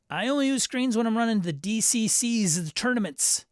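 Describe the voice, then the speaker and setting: A man's voice: high voice, animated, normal speed, dry recording, studio quality. A man hosting a live game stream, reading viewer comments aloud and chatting in a loose, self-interrupting way. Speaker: stream host.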